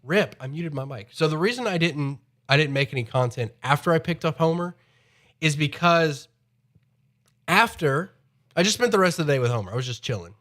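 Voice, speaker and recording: A man's voice: fairly high pitch, animated, fairly quick, a bit bright. A man live streaming from home, chatting in a rambling way, his voice slightly nasal from a cold. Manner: rambling, chatty, repeats himself. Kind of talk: casual chat.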